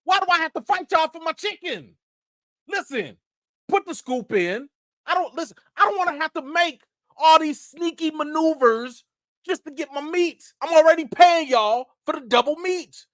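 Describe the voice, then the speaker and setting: A man hosting a casual live-stream chat, speaking, breaking into excited exclamations and reading viewer comments aloud. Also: very high voice, dry recording, studio quality. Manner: animated, preacher-like exclamations. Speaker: host of a live chat show.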